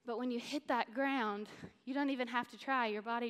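A woman from Missouri teaches a church congregation with warm enthusiasm and earnest conviction. Her voice sits a little high. A long reverb from the large auditorium trails each phrase through the stage microphone. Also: steady tone, a little fast, clear, resonant tone. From Missouri, USA. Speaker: church speaker. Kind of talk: sermon-style Bible teaching.

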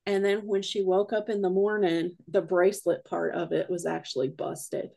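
A woman's voice: fairly low pitch, little pitch movement, moderate pace, creaky, dark tone. A woman guest on a podcast, a paranormal investigator, telling a rambling story full of quoted dialogue in a casual way.

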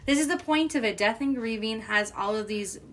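Bright-voiced young woman, reassuring. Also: a little high, fairly quick, slight background noise. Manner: reassuring, teasing, laughs often. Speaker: podcast co-host. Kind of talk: supportive casual chat.

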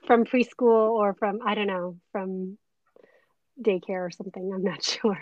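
A woman who works as a teacher, a guest in a casual chat, soft-spoken and laughing lightly. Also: medium pitch, fairly even intonation, a little slow, dry recording, highs cut off.

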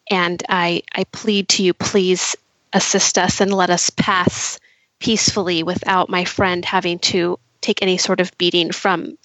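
Woman doing a courtly charming rogue, halting plea, dry. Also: on the low side, a bit bright, no echo, low-quality recording. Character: charming female rogue pleading politely.

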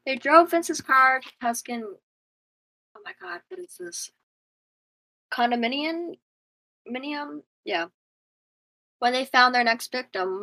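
A woman's voice: on the high side, sharp tone, low-quality recording. A young woman reading out a true crime case in a casual chat, stumbling over names and laughing at herself. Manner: stumbles over names and words, giggly asides.

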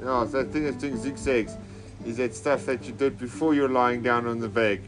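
A man's voice: medium pitch, fairly even intonation, normal speed. Joking South African man, music behind. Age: adult, married. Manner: joking, laughing, slangy, swears often. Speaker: podcast host. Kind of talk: casual banter.

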